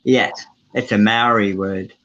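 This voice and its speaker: A man's voice: lowish voice, fairly even intonation, slow pace, bright, forceful tone, muffled recording. A man chatting casually in a group, easygoing and playful, chuckling often.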